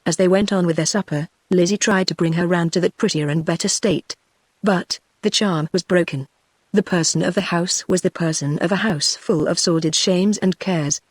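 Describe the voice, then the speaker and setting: A woman's voice: lowish voice, slightly rough, no echo. A text-to-speech woman's voice with a British English accent, narrating an audiobook. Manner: even, machine-read delivery. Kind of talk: text-to-speech book reading.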